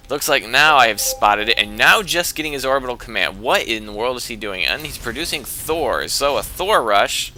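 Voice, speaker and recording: An excitable man casting a strategy game he is playing in, with chatty running play-by-play. His voice is bright and forward. He gets worked up quickly as the action heats up. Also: fairly low pitch, a little hiss or hum. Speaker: game caster and player.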